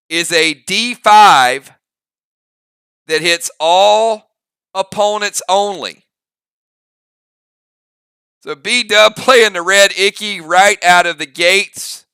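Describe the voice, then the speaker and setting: A man running a live role-playing game, calling each move and damage total in an upbeat play-by-play. His voice is very bright and crisp, and the recording is dry and close. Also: high voice, no room sound. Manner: upbeat, drawn-out play-by-play calls. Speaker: game master. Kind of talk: live game narration and commentary.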